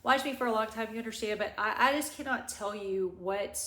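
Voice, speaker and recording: A middle-aged woman vlogger crying as she tells a personal story, halting and rambling with many restarts. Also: mid-range voice, fairly even intonation, a bit bright. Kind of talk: tearful personal story time. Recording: echoey room.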